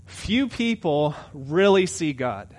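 This middle-aged man preaches in a chatty style, alternating loud declarations with hushed side remarks. His voice runs high, with a slow, sing-song delivery.

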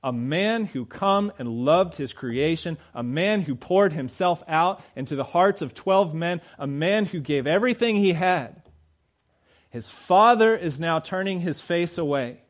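Guy preaching a sermon, kinda high voice, chatty, laughs, gets loud in spots. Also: lively intonation, measured pace. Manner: conversational preaching, laughs at own jokes, rises to loud emphatic peaks. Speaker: pastor.

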